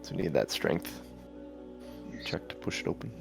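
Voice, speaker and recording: A man narrating as game master of a tabletop game, easygoing and quick to laugh. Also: deep voice, sing-song, creaky, music in the background. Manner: laughs often, loose and easygoing.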